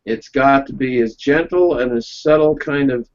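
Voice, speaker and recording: A man with a medium-pitched voice speaks at a moderate pace while presenting a webinar. In a casual round-table chat he tells folksy business anecdotes, checking in with listeners by asking "okay?". The recording sounds dull and lo-fi.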